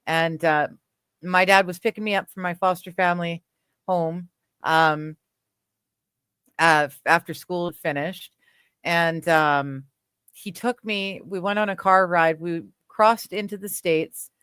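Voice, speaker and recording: A woman's voice: fairly low pitch, fairly even intonation, a little slow, a bit bright, smooth, no room sound, clean studio sound. A woman from Canada hosting a casual livestream chat, reading viewer comments aloud, laughing often and trailing off with fillers. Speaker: livestream host.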